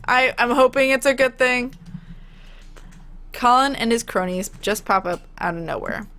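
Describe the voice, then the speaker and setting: A woman streamer giving casual let's-play commentary, excitable and gushing, quick to laugh and squeal over what happens on screen. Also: fairly high pitch. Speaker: gaming streamer.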